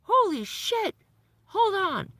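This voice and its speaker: A man's voice: extremely high pitch, very animated, slow pace, pushed and bright, dry recording, pitched above the performer's own voice, exaggerated voice. A woman doing a shrieking, panicked doctor. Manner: shrieking, breathless alarm. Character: panicked frantic male doctor.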